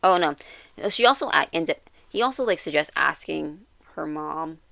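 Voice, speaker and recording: A woman giving a casual, rambling recap of a TV series, full of "like" fillers and quick self-corrections. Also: sits low, vocal fry, dry recording. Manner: quotes characters with animated bursts and laughs. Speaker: YouTuber reviewing a TV series. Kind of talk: casual episode recap and commentary.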